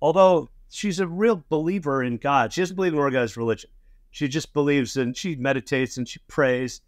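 Guy kinda high voice, um-ing and stumbling, dry close sound. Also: no echo. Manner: halting, searching for words, with many "um" and "like". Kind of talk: casual conversation.

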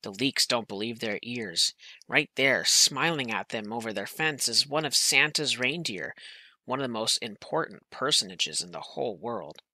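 A man reads a children's picture book aloud, his tone gentle and storytelling. His voice sounds very bright. The sound is dry and close, with no room around it. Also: mid-range voice, animated, moderate pace, gravelly, dry recording. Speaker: reader.

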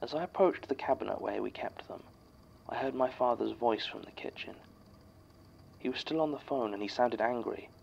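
A man playing an archivist who reads a written statement aloud in scripted horror narration, measured and somber. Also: medium pitch, vocal fry, darkish tone, dull audio, a little hiss or hum.

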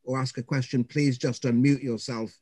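Man, lecture chair, polite and businesslike, medium pitch, dry close sound. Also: little pitch movement, normal speed, a little mellow, slightly rough, no echo. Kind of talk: chairing an online Q&A. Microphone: video call.

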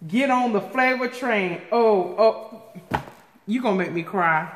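A woman in a casual home vlog, unboxing fan mail at an unhurried pace. She gasps and repeats herself in delight. Her voice rings in an echoey room with long reverb and a faint hiss behind it. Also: mid-range voice. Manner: excitable, gasping, repeating herself. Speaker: vlogger opening viewer mail.

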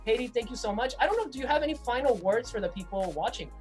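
A woman's voice: a little high, expressive, very fast, a little mellow, faint music behind. A woman hosting a casual interview, asking questions in an upbeat, playful way. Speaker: host.

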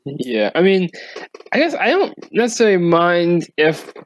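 A man with a halting, restart-filled way of speaking who laughs often, co-hosting a casual podcast chat. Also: high-pitched, sing-song, slight background noise. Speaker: podcast co-host.

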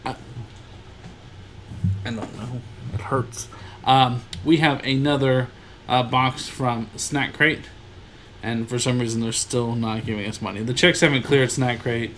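A man co-hosting a casual podcast, talking in quick, lively, rambling bursts. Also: medium pitch, a little hiss or hum. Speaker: podcast co-host.

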